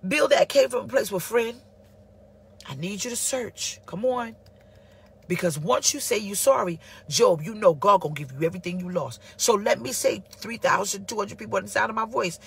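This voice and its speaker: A woman's voice: mid-range voice, creaky, fairly bright tone, breathy edge. A woman pastor preaching a livestreamed sermon, fervent and emphatic, acting out the voices of people in her stories.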